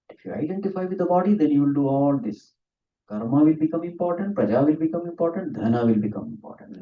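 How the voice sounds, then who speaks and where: A man, a swami giving a spiritual discourse, earnest and often laughing as he tells stories. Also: a little high. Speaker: swami giving a scripture talk. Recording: distant, dull lo-fi room recording.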